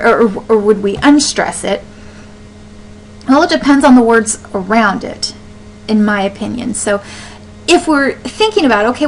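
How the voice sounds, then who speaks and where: A woman's voice: mid-range voice, slight background noise, low-quality recording. Woman teaching a poetry lecture. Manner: explanatory, asks and answers own questions; many ums and restarts. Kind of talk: recorded slide lecture.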